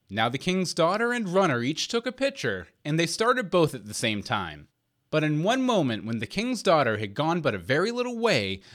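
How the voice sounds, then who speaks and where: Man, storybook narration, lively pitch, slightly high voice, measured. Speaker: reader.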